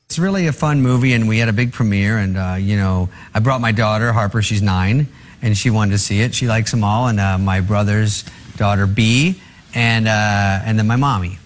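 A man's voice: on the low side, moderate pace. Guy telling funny stories on a late night show, self-deprecating, noisy clip. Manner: chatty, self-deprecating, laughing through his stories. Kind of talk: anecdotal talk-show storytelling.

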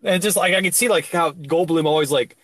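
A man's voice: on the high side, fairly quick, a bit bright, dry recording. A young man hosting a podcast, chatting casually and crudely, laughing and swearing freely. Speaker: podcast host.

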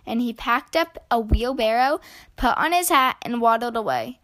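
A woman reading a children's picture book aloud in an expressive storytelling voice. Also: a little high. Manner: slow, expressive read-aloud.

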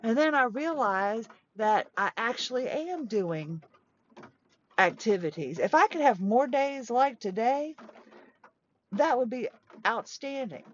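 A woman's voice: a little high, animated, takes it slowly. A middle-aged woman talking casually from inside a parked truck, rambling with restarts and small laughs. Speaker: podcast host. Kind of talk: casual monologue. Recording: dull lo-fi sound.

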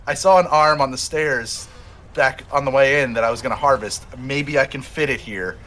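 A man's voice: medium pitch, normal speed, fairly bright tone. A man at a tabletop game session describes his character's actions in a casual, rambling way, with a medium voice. Faint background hiss sits under his talk. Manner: rambling, chuckling asides. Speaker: player.

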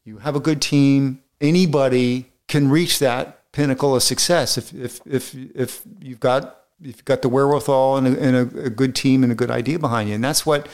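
A middle-aged man guesting on an interview, spinning long anecdotes at an ordinary pitch. He wanders through the story, restarts his sentences and keeps an easy, casual flow. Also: fairly even intonation, moderate pace, hardly any pauses, a little mellow, smooth. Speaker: film director guest.

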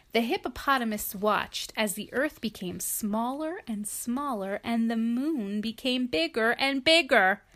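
Brief: woman reading aloud to a child, slow, gentle, playful asides. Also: fairly high pitch. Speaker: reader to a child. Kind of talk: reading a picture book aloud.

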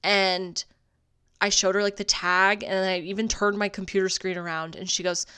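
A woman's voice: mid-range voice, flat delivery, moderate pace, bright, forceful tone, smooth. A woman hosting a solo podcast, telling stories in a casual, profane, sarcastic way and laughing often. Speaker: podcast host.

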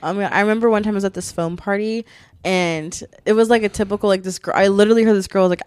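A woman's voice: mid-range voice, fairly even intonation, fast, a little mellow, clean tone, no room sound. A young woman in her twenties from Texas, co-hosting a casual podcast and chatting with lots of fillers. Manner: chatty, giggly, says "like" a lot. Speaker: podcast co-host. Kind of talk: casual chat.

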